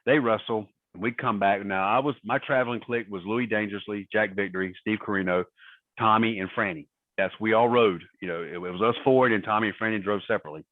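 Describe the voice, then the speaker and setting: A man's voice: lowish voice, fairly even intonation, fast talker, no echo. A man guesting on a podcast, telling profane, laughing anecdotes on a remote call. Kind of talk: casual storytelling. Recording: tinny phone-line sound.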